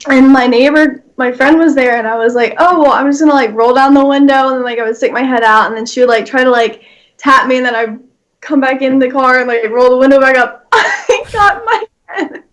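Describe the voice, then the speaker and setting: A young woman with a high voice chatting on a podcast. She rambles through a story, laughing often and saying "like" over and over. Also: fairly even intonation, fast, low-quality recording. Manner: giggly, lots of "like". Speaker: podcast guest. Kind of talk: casual chat.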